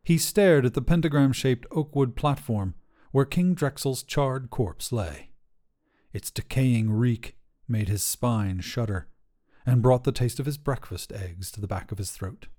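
Brief: man reading a fantasy story aloud, even and dry, warm tone. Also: mid-range voice, unhurried. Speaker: narrator. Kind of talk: audiobook story narration.

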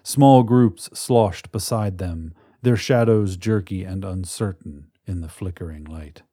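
Narrating a scripted science fiction story, a man speaks in a low, mellow, husky voice with measured drama. The recording is close and dry, with no room around it and no echo.

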